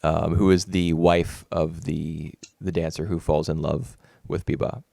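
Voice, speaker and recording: A man's voice: a bass voice, little pitch movement, unhurried, creaky, dark tone, dry recording, clean studio sound. A man co-hosting a casual film podcast, thoughtful and rambling with many fillers and restarts. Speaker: podcast co-host. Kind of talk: casual film review chat.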